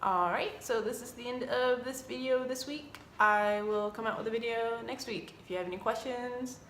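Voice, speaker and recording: A woman's voice: on the high side, normal speed. Young woman telling funny teaching stories, doing little voices for her students, roomy echo, a bit of hiss. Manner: animated, acts out students' lines in quoted voices. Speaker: English teacher in China. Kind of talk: casual vlog storytelling.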